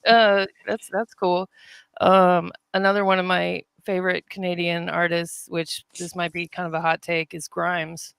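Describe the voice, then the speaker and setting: Gravelly, smooth-voiced podcast host. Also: medium pitch, flat delivery, a little slow, a bit bright, dry recording. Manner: laid-back, upbeat, hype greetings. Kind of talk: casual podcast interview.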